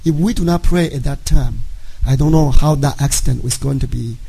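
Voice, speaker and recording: A middle-aged man, a native Chinese speaker, giving a personal testimony to a congregation in halting speech, often checking in with "right?". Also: mid-range voice, vocal fry, dark tone, breathy edge, low-quality recording. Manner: halting, frequent "right?" tag questions. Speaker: church member giving a testimony.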